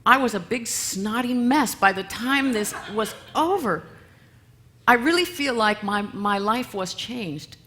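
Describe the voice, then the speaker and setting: Bright-voiced woman telling a funny story. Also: on the high side, measured pace. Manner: lively, self-mocking, laughs often. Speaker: guest speaker and musician. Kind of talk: storytelling church talk.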